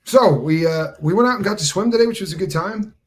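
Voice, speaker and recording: A man's voice: high-pitched, fast talker. A man co-hosting a live stream, chatting casually with dry, wry asides.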